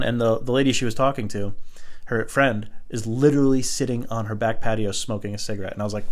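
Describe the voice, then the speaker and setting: A man's voice: medium pitch, steady tone, fast. A man hosting a solo podcast, ranting in a casual, profane, exasperated way about everyday annoyances. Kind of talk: solo comedic rant.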